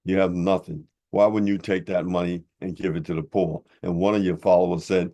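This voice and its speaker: Older male commentator with a very deep voice, preacher-like, mocking and blunt in a heated rebuttal. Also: steady tone, moderate pace, hardly any pauses, warm tone. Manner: blunt and informal. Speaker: religious commentator.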